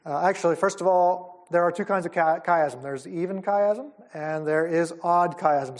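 A man teaching at a Bible conference, enthusiastic and explaining things step by step. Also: on the high side. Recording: audio of a live talk.

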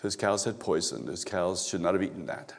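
A man quoting God in a sermon, speaking softly, low and slow, in short repeated statements of comfort. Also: vocal fry. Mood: gentle, sorrowful.

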